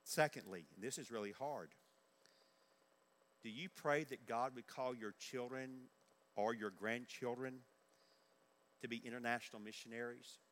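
A man's voice: mid-range voice, normal speed, pauses often, fairly bright tone. An older man preaching a sermon in earnest, repeating his key questions for emphasis. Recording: echoey large hall.

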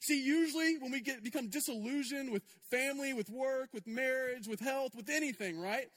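Male pastor with a high, light voice. Conversational, emphatic sermon delivery, with long reverb from a church hall. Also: a little fast, fairly bright tone. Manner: conversational and emphatic, with repetitions and asides to the congregation. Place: church sanctuary.

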